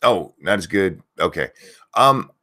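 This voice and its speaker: A man hosting a live stream in a relaxed, chatty way. His voice sits fairly low, but it swings widely as he calls out names loudly and then drops back into blunt, easygoing talk with a bit of swearing. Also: unhurried. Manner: frank and blunt, with mild swearing. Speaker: host of a live stream show. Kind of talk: casual live-stream chat.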